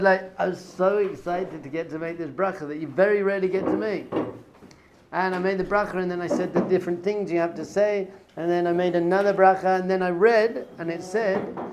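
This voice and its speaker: A middle-aged man, a rabbi, telling a story with excitement, his voice swinging from loud enthusiasm to hushed awe. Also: high voice, a little hiss or hum. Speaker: rabbi and teacher.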